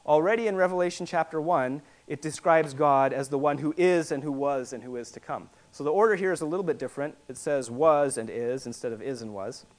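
Man preaching, fairly high voice. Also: a little fast, few pauses. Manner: teaching, repeats words for emphasis, rising to forceful passages. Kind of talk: sermon.

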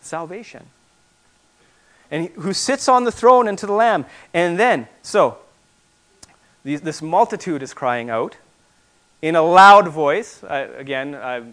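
High-voiced preaching pastor. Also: male voice. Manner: builds to loud emphatic repetition, then drops to quiet asides. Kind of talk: sermon.

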